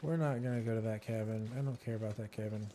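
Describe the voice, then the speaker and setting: Mellow-voiced man chatting while gaming. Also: fairly low pitch, fast, a little hiss or hum. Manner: playful, thinks aloud while playing. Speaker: streamer. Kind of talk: casual gameplay chat.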